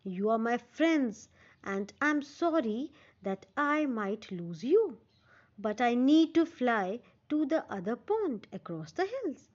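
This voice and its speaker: A woman's voice: a little high, sing-song, slow, heavily acted. A woman teacher voicing a cunning, thin old male stork who speaks sadly and slyly. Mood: sly, mournful. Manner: sad, sly pleading. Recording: dull lo-fi recording.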